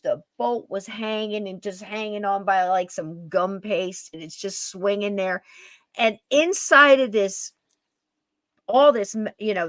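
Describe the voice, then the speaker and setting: A woman hosting a podcast, telling a story in a lively way and laughing as she goes. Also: mid-range voice, no echo. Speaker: podcast host. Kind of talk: animated storytelling.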